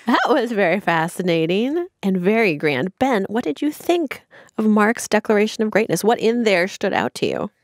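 An upbeat woman moderates a kids' debate podcast, keeping time and guiding the judge. Her voice is close and dry, at a mid pitch. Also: lively intonation, normal speed, dry recording. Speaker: host.

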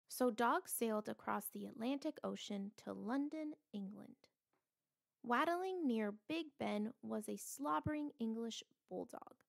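A woman reading a children's picture book aloud, telling it in an expressive way. Her voice sits a little high with a gravelly edge. The recording is close and dry. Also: unhurried, no room sound. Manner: expressive storytelling. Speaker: storybook reader. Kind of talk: children's story read-aloud.

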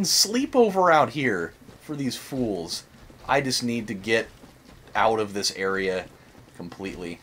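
A man's voice: on the low side, very animated, a little slow, fairly bright tone, a little hiss or hum. A young man hosting a let's-play, rambling and joking in casual commentary, swearing and saying "like" a lot. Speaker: gaming channel host.

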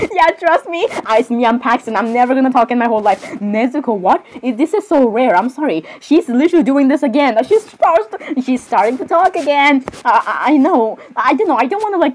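A woman's voice: high-pitched, poor audio. A woman performing an improvised comedy skit alone, switching between characters with a hesitant, apologetic, giggly delivery. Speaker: solo skit performer voicing many characters.

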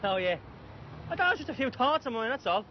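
A man's voice: very high voice, sing-song, quick pace, dull audio, slight background noise. An actor playing a nervous young male sidekick who rambles and makes wry remarks.

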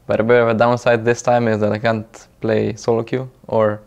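A man's voice: on the low side, monotone, moderate pace, creaky, a little mellow, highs cut off. A man, an esports team player, speaking easygoing and matter-of-fact in a documentary interview.

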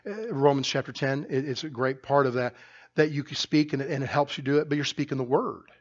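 A middle-aged man, the pastor, preaching a sermon loudly and emphatically, often restarting his sentences. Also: mid-range voice, a little fast, muffled recording. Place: church sanctuary.

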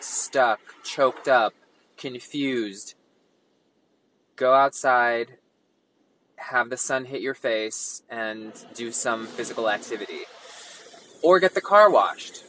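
A man's voice: mid-range voice, takes it slowly, a bit bright, slight background noise, poor audio. A young man talking dramatically and sarcastically in a casual vlog. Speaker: social media creator.

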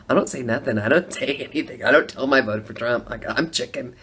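A middle-aged woman telling her own story in a chatty testimonial vlog, laughing between lines and swinging from hushed to loud. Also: a bass voice, fast talker, a little hiss or hum.

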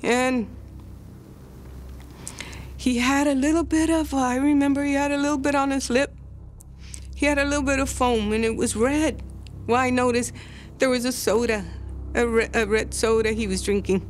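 An older woman, a grandmother, telling her story in a documentary interview, speaking haltingly and emotionally with many restarts. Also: high-pitched, steady tone, a little hiss or hum. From Texas.

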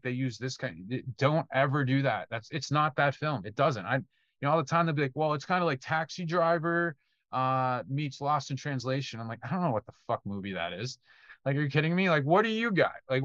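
A man's voice: mid-range voice, a bit bright, no echo, highs cut off. A man who composes film music, answering student questions in a loose, conversational way, now and then swearing and acting out what directors tell him. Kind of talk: casual Q&A talk.

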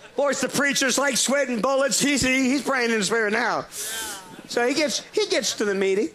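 A male preacher delivers a sermon story in a very high, bright voice. He is animated and laughs often, stumbling over restarts as he goes. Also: normal speed.

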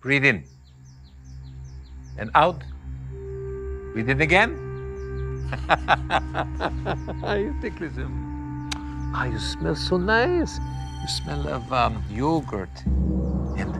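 A man talking slowly and over-intimately in a comedy sketch. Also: mid-range voice. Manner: slow, creepy, over-intimate.

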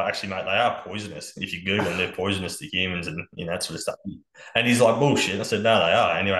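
An Australian man spinning yarns as a podcast guest, his voice bright and forward in a roomy space. He talks in a laid-back way, swearing freely and chuckling along. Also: low-pitched. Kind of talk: casual storytelling on a podcast.

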